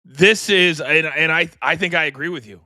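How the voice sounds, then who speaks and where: A middle-aged man hosting a live wrestling watchalong, ranting in animated, incredulous commentary from a studio mic. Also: on the high side, moderate pace, dry recording. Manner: animated, incredulous, rambling rants. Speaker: host.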